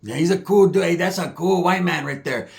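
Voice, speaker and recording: A man's voice: high-pitched, a little fast, gravelly. A man from Southern California with a Chicano English accent, rambling through a comedic monologue full of "I say" asides and Spanish slang.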